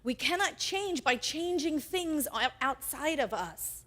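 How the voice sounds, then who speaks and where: A woman pastor preaches a sermon, her voice riding high and swinging widely from phrase to phrase. She talks in an animated way and slips into the voices of the people in her story. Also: a little slow. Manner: animated, acts out quoted characters.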